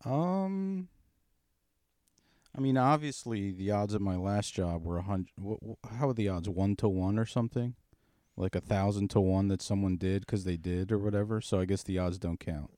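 A man's voice: lowish voice, moderate pace, mellow, dry recording, clean studio sound. A man in casual chat, rambling and swearing as he spins a darkly comic story.

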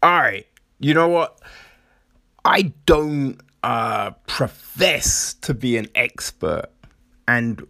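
Slow, sarcastic man ranting. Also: medium pitch, expressive, creaky, bright, forceful tone, no echo, clean studio sound. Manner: profane, sarcastic, mocking voices of others. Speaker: podcast host. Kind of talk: casual ranting monologue.

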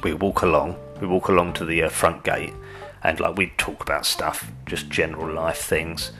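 A man's voice: extremely low pitch, little pitch movement, moderate pace, bright, forceful tone, soft background music. A man ranting in a casual monologue, sweary and exasperated, rambling with restarts.

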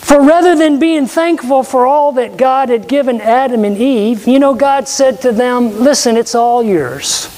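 A man's voice: extremely high pitch, measured pace, hardly any pauses, darkish tone. A man preaching a sermon, earnestly quoting scripture and asking rhetorical questions. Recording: long hall reverb.

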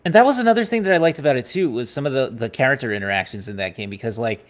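A man in a relaxed gaming chat who talks in a middle pitch and rambles, leaning on fillers like "like" between his points. He trades opinions with his co-hosts in an easygoing way. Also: rapid-fire. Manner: rambling, loose, filler-heavy. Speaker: podcast co-host.

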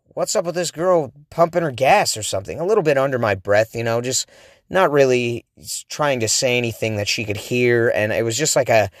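A male podcast host tells a personal story in a loose, rambling way and keeps poking fun at himself. He stumbles and restarts his sentences often, speaking at a middling pitch. The close mic sounds dry, with no room around it. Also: no echo. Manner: rambling, self-deprecating, frequent restarts. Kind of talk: casual storytelling monologue.

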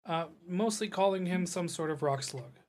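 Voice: medium pitch, normal speed, a little mellow. A game master narrating a tabletop roleplaying game, rambling and laughing between descriptions.

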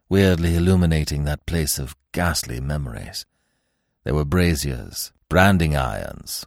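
A man narrating a classic adventure story in a theatrical, highly expressive reading. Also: no room sound, studio quality. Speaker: podcast narrator. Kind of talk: dramatic audiobook narration.

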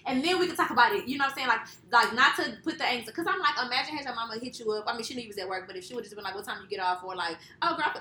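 Brief: quick, bright-voiced woman co-host, relaxed colloquial storytelling, faint hiss. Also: fairly high pitch. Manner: fast, expressive, colloquial storytelling. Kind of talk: casual chat. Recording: echoey room with faint noise.

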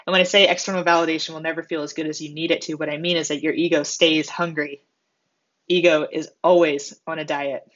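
A woman delivering a motivational monologue, expressive and self-mocking, acting out the voices she quotes. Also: sits low, brisk. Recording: slightly dull lo-fi sound.

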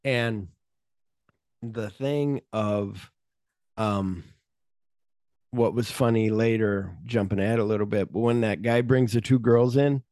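A man hosting a casual movie podcast, retelling film scenes and slipping into quick offhand impressions of the characters. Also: on the low side, fairly even intonation, a little mellow, dry recording, studio quality. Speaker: podcast host.

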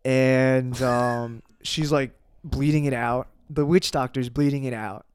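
A man, a podcast guest, telling a personal story in casual talk, animated, with lots of fillers and swearing. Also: medium pitch, slow, clean tone, no echo, clean studio sound, faint music behind.

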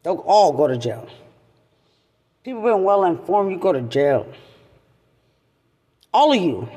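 Husky furious woman ranting with echo. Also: on the low side, very animated, unhurried. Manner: furious, swearing, repetitive accusations, shouting at times. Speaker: military veteran. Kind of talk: angry profane rant. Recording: long echoing reverb.

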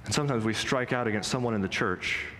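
A man's voice: mid-range voice, a bit bright. Earnest male pastor preaching in a reverberant hall. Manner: emphatic, earnest preaching with slow stressed quotes. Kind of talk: sermon. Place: church sanctuary.

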